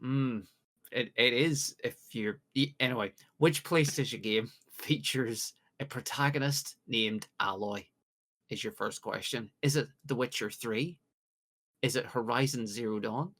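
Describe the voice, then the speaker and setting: A man from the UK hosting a casual podcast quiz, joking along and reading out multiple-choice questions with drawn-out pauses. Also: medium pitch, a bit bright. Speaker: quiz host.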